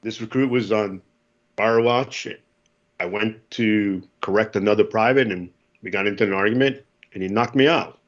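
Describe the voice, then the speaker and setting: A man in his fifties from the United States, a podcast guest telling lively war stories and acting out the voices. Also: on the low side, moderate pace, dull audio. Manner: animated storyteller, acts out voices, laughs often. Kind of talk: casual storytelling.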